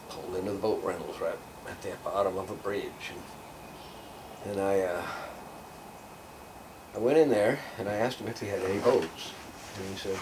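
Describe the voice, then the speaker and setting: A man's voice: deep voice, moderate pace, pauses often. An older man telling rambling, casual stories, acting out the other people's voices and dropping to a near whisper for asides. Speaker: storyteller guest. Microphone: far from the mic. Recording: distant mic, audible background noise.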